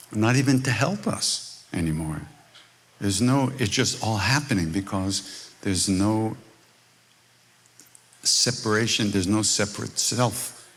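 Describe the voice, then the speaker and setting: A man teaching at a live retreat workshop, telling stories in a wry, conversational way and acting out the people in them. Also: deep voice. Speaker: spiritual teacher leading a workshop. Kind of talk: informal teaching talk with storytelling.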